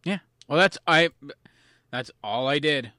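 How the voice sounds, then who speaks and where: Bright, rambling podcast man. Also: a little high, animated, measured pace, no room sound, clean studio sound. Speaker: podcast co-host. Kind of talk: casual chat.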